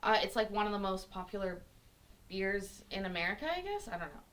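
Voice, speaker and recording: A woman's voice: medium pitch, big pitch swings, a little fast, a bit bright. A young woman, born in Scotland, chatting casually as a host and poking fun at herself with a giggle. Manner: chatty, self-mocking, giggly. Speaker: host reacting to court videos. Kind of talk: casual chat.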